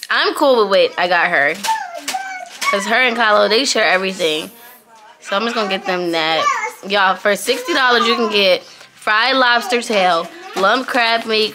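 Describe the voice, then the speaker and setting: A woman's voice: medium pitch, background noise. A young woman vlogging in a casual, chatty way, talking straight to her viewers as a mother.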